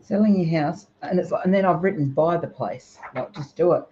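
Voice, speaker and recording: A woman's voice: low voice, brisk, slight background noise. Swearing, chatty woman host. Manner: blunt, swears freely, chatty. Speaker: host and psychic reader. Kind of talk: casual live stream chat. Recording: dull lo-fi live stream audio.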